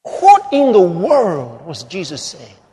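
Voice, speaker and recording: A man's voice: high-pitched, wildly swooping pitch, takes it slowly, mellow, breathy edge, in a large hall. A man preaching a sermon emphatically, his voice rising to fervent exclamations.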